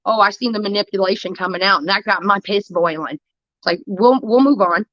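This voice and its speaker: A woman's voice: mid-range voice, fairly quick, fairly bright tone, no echo, muffled recording. A woman streamer delivering a heated, profane rant about a falling-out with a friend, talking straight into a close mic. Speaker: livestreamer. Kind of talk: ranting livestream monologue.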